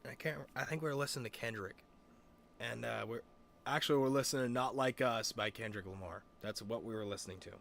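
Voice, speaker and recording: A man's voice: medium pitch, fast, gravelly, a bit bright. A young man streaming and chatting casually, rambling with lots of fillers, restarts and swearing. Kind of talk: casual chat.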